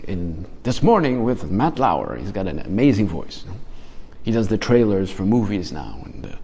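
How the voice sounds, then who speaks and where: A lowish-pitched male priest speaks in an unhurried, reflective way, as if thinking aloud with his listeners. He often circles back and restarts a phrase. His voice trails off into a long reverberant tail. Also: warm tone, breathy edge. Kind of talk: homily.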